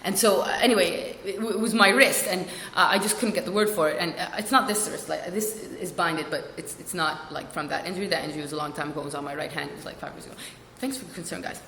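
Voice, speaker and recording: A young woman rambling through a funny work story, self-mocking and jumping into squeaky voices for quotes. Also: fast, fairly bright tone, slight background noise. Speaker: vlogger. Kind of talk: casual storytelling vlog. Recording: echoey room with long reverb.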